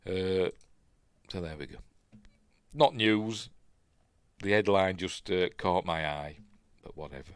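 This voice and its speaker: A man's voice: low-pitched, slow, pauses often, clear, resonant tone, no room sound, studio quality. A man with a Yorkshire accent hosting a casual live-stream news chat, rambling into asides and chuckling to himself.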